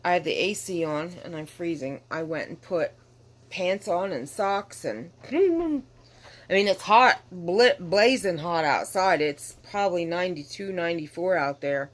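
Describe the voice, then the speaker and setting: A woman's voice: fairly low pitch, moderate pace. A tired middle-aged woman chatting candidly to her camera in a rambling, apologetic vlog, yawning now and then. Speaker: vlogger. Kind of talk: casual vlog chat to camera.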